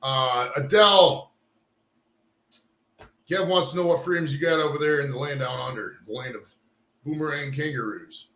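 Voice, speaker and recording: A man's voice: on the high side, normal speed, long pauses, pushed and bright. Profane rambling man hosting live. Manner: profane, rambling, fixes gear on air. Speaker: live show host. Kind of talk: casual live-stream chat. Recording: roomy echo.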